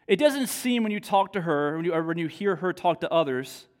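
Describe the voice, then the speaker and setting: A man with a high voice preaching a sermon in a church sanctuary, his words trailing into the long reverb of a large hall. he reads scripture and retells it with dramatic, expressive paraphrase. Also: a little fast. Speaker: pastor.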